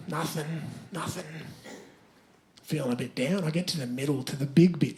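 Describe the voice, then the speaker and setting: Guy doing a cocky foul-mouthed aussie bloke, voice jumps all over, telling it on a theatre stage. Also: high voice. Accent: Australian. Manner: sweary, blustering, breaks to laugh. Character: crude brash young Aussie bloke, swaggering. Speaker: stand-up comedian in character. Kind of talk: stand-up character storytelling.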